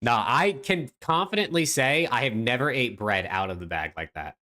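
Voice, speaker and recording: A young man hosting a live podcast stream, bantering casually, incredulous and animated, swearing freely. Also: mid-range voice, normal speed. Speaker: podcast host.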